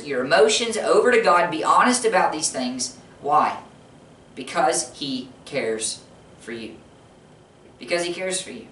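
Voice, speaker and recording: A man's voice: sits high, fairly bright tone, a little hiss or hum. A man preaches a sermon with earnest conviction and often repeats key phrases to drive them home. His voice rings out through a roomy church sanctuary. He stands some distance from the microphone.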